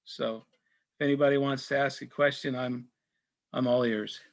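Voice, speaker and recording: A middle-aged sportswriter talking casually to a church supper group, telling anecdotes with many fillers and restarts. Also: male voice, mid-range voice, fairly even intonation, moderate pace. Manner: rambling, full of fillers and restarts; tells anecdotes, acts out quoted exchanges. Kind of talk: casual talk and Q&A.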